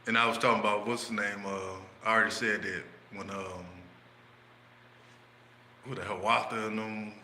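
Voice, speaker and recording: Loose, profane male streamer spinning yarns; bright tone, roomy echo, faint hiss. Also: fairly low pitch, little pitch movement, moderate pace, long pauses. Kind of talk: casual storytelling. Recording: echoey room, faint background noise.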